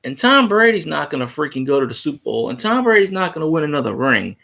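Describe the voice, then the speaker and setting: A fired-up man with a drawl argues back at viewer comments in a live fan chat, cursing as he goes. His voice sits a little high and swings widely in pitch. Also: very animated, quick pace, creaky, sharp tone. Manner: heated, profane, argumentative. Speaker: sports fan livestream host.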